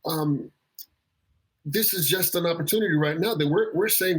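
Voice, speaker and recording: Husky-voiced man, pastor guest; earnest, impassioned, slightly raised pitch, repeats himself mid-thought. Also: animated, moderate pace, low-quality recording. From South Florida. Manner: impassioned, repeats words as he builds a point. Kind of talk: earnest interview conversation.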